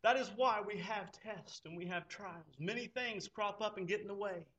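A man's voice: high-pitched, normal speed, a bit bright, a little hiss or hum. A man preaching a sermon at a church service, exhorting fervently and rising to impassioned pleas. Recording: dull lo-fi recording.

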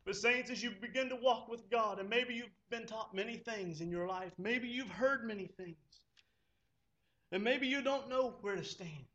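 A man's voice: high voice, normal speed, sharp tone. A man preaching a sermon at a church service, exhorting fervently and rising to impassioned pleas. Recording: dull lo-fi recording.

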